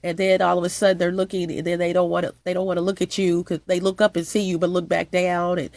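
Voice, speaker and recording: A woman's voice: on the low side, flat delivery, fast, darkish tone, no echo. A woman with a stuffy, sniffly nose, delivering a rambling personal monologue, repeating herself and restarting often. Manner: repetitive, emphatic, with frequent restarts. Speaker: channel host.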